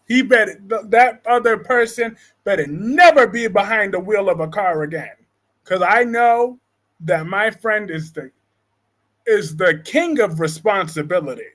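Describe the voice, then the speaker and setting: Man, high voice, unhurried, excitable live-stream soap talk host. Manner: excitable, swings from calm to loud anger; reads viewer comments aloud and jokes with chat. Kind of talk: casual live-stream chat.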